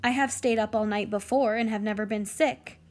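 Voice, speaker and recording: A woman reading as a brisk nobleman father. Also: medium pitch, steady tone, darkish tone, close to an everyday voice. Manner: brisk, ordering servants about. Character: bustling nobleman father of the house.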